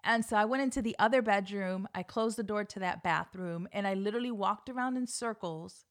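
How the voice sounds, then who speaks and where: A woman telling a personal story in a casual, animated, profane way, laughing often and acting out what people said. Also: mid-range voice, fairly quick.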